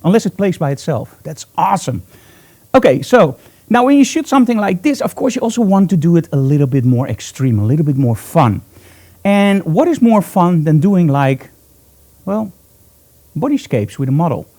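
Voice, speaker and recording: A man's voice: fairly high pitch, big pitch swings, moderate pace, mellow. A man teaching photography live in a studio, talking chattily and upbeat as he thinks aloud while he works. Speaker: photography instructor.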